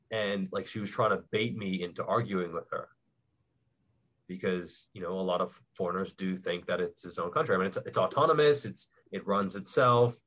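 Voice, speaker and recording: A young man explaining things in a relaxed, rambling way, with lots of fillers, as a podcast guest. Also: low-pitched. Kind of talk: casual chat.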